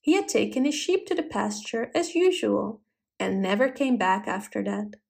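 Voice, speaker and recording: A woman narrating a folk tale in an expressive, dramatic storybook style. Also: medium pitch, moderate pace, gravelly.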